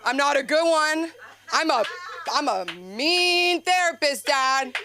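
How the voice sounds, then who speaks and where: A young woman doing an open mic stand-up set, rambling and chatty with lots of fillers, sometimes jumping into high excited bursts. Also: takes it slowly, slight background noise. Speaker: stand-up comedian. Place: comedy club stage.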